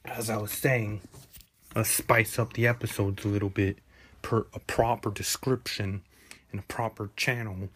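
A man hosting a solo podcast, rambling and halting, correcting himself and often dropping into a whisper. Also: on the low side, fairly even intonation, fairly bright tone, husky. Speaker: podcast host.

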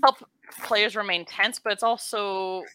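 A woman co-hosting a podcast, chatting casually while playing a horror game, excitable and swearing freely. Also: medium pitch, a little slow, a little hiss or hum. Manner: excitable, swears freely, yells when chased. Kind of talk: casual gameplay chat.

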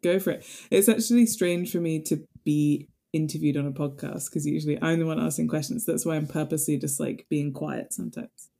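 A woman sits in as a guest on a chat podcast and tells animated stories, laughing readily between thoughts. Her voice is dark and mellow, with a gravelly edge of vocal fry running through it. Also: low voice, fairly quick, hardly any pauses. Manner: lively storyteller who laughs often. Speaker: podcast guest, former golfer turned broadcaster. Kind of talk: casual interview chat.

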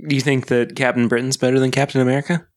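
A man's voice: medium pitch, level tone, very fast. A man guest on a podcast, laid-back and teasing, laughing often in casual chat.

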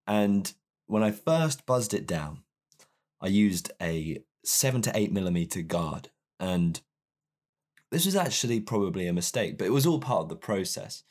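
A young man with a low, deep voice tells a personal story to camera. His delivery is candid and self-deprecating, and he rambles as he speaks. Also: very animated, moderate pace, darkish tone.

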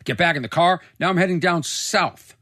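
Comedian dude rambling on his podcast, bright edgy voice, swears a lot, dead dry studio. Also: on the high side, normal speed, no room sound. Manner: loose, swears freely, self-mocking. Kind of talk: casual rambling monologue. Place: recording studio.

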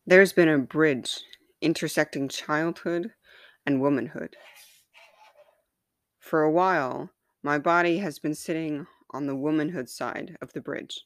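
A woman author reading her own reflective memoir aloud in an earnest, measured way. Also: deep voice, no echo, studio quality.

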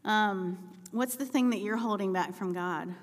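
A woman preaching a sermon in a church, telling personal stories and building to impassioned, shouted appeals. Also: mid-range voice, unhurried, big-room sound. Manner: storytelling, rising to impassioned shouting. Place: church sanctuary.

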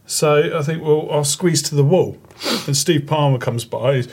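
A man's voice: on the high side, a little slow, a little mellow, breathy edge. A man telling an anecdote hesitantly, full of fillers, in casual chat. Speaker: podcast co-host.

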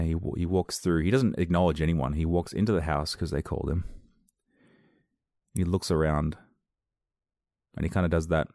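A man's voice: a bass voice, a little mellow, no room sound, clean studio sound. A man reviewing films on his own podcast, talking casually, enthusiastically and in a rambling way.

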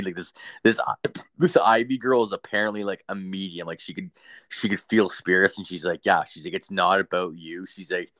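A young man with a very deep voice tells a ghost story in casual chat. He rambles, swears freely and leans on fillers. The sound is dry and close. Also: a bit bright, no echo. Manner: profane, rambling, filler-heavy. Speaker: storyteller guest.

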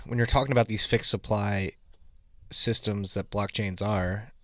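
A man's voice: fairly low pitch, fairly even intonation, a little slow, a bit bright, no room sound, studio quality. A man talking in a casual chat as host, joking and chatty. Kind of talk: casual conversation.

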